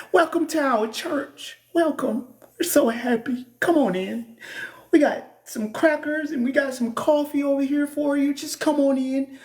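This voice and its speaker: A man voicing an overly sweet, fake church greeter in a high, sugary falsetto.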